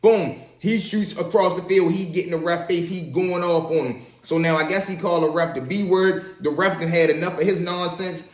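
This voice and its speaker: A man telling stories from his own life in a casual, animated way, acting out the voices of the people in them. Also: on the high side, moderate pace, hardly any pauses, roomy sound. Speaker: storyteller. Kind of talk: casual spoken storytelling.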